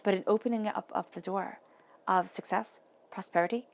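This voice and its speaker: A woman giving an intuitive tarot reading, earnest and emotional, speaking softly through affirmations and restarting her thoughts often. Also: medium pitch, fairly even intonation, moderate pace, vocal fry. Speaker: tarot reader.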